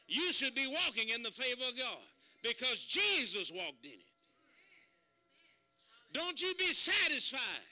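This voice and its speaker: A man preaching a sermon. He speaks emphatically, calls out to the congregation, and shouts at the peaks. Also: very high voice. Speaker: pastor.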